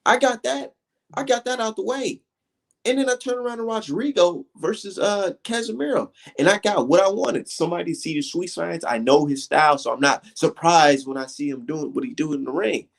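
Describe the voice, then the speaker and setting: Gravelly-voiced man hosting a casual livestream. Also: fairly quick. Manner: animated, slangy, swings high when mocking critics. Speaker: livestream host. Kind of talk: casual live-stream chat.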